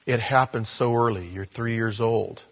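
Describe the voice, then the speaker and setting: A man preaching a sermon, telling a story that jumps between hushed asides and loud, emphatic high points. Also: normal speed. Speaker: pastor.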